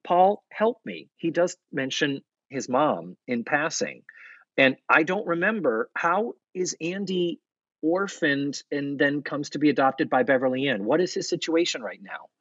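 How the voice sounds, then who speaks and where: A man co-hosting a podcast, recapping a sitcom episode in a rambling, animated way. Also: on the high side, unhurried, breathy edge, no echo, highs cut off. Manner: animated, rambling, does character voices. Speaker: podcast co-host. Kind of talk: casual recap chat.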